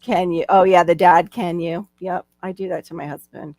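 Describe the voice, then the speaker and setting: A woman's voice: lowish voice, fairly even intonation, normal speed, darkish tone, no echo. A woman in her forties, the host of a live stream, from Florida, chatting casually and laughing often. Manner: chatty, laughs often, reads side chat aloud.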